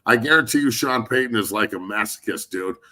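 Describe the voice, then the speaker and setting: A man who is a former football player, hosting a casual sports talk show and speaking in a blunt, animated way with heavy swearing. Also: fairly low pitch, fairly quick.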